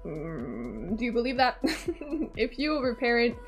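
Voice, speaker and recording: A woman streamer chatting at her desk mic, blunt and casual, tossing in the odd swear. Her voice sits a little high. Soft game music plays underneath. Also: very animated, unhurried, lo-fi sound. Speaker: livestreamer. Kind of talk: casual chat while gaming.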